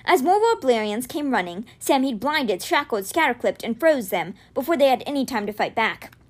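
Lady reading a kids book out loud, kinda high voice, lively storytelling. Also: moderate pace. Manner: expressive, voices dialogue with raised pitch. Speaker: reader. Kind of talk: reading a children's novel aloud.

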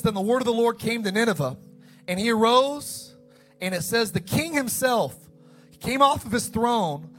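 A man preaching a sermon as pastor, animated, acting out the story's dialogue in quick asides. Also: sits high.

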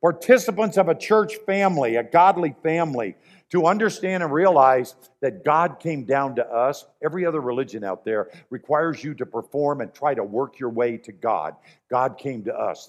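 A man's voice: medium pitch, expressive, normal speed. A man preaching a sermon in an earnest, emphatic way, repeating his key phrases.

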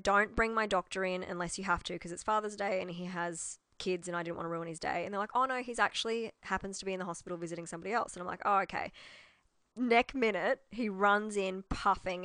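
A young Australian woman telling her birth story in a chatty, animated way, acting out quoted dialogue. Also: medium pitch, smooth, dry recording, clean studio sound. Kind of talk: casual storytelling.

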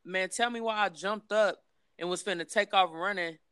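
A woman's voice: mid-range voice, normal speed, fairly bright tone, clear, resonant tone, no echo, studio quality. A young woman in casual chat, telling candid, profane stories and acting out the voices of people in them. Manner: candid, profane storytelling with acted-out quotes.

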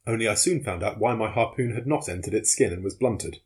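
A man's voice: on the low side, brisk, darkish tone, breathy edge. A man voicing a bold, blunt male harpooner in an audiobook, matter-of-fact and plain.

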